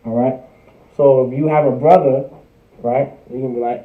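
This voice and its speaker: A man's voice: mid-range voice, fairly even intonation, normal speed. Man teaching a class, tinny echoey line. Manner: repetitive, checks in with "right?" constantly. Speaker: class instructor. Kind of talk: live-streamed language class. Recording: tinny phone-like echoey stream.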